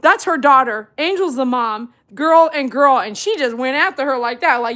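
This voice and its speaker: A woman's voice: high voice, expressive, normal speed, few pauses, a bit bright. A woman at home chatting playfully with her dogs, scolding them and laughing often. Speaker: vlogger, dog groomer. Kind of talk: casual talk to her dogs. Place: at home indoors.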